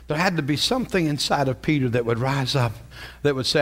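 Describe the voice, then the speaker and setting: Animated male preacher with a lively, high voice. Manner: animated, rising from soft and slow to loud and emphatic, laughing asides; asks the congregation questions. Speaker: pastor. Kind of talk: sermon.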